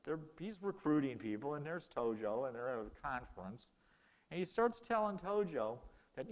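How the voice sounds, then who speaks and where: A man's voice: mid-range voice, very animated, normal speed. Man lecturing casually in a reverberant hall. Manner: conversational storytelling, acting out quoted exchanges. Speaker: history lecturer. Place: lecture room.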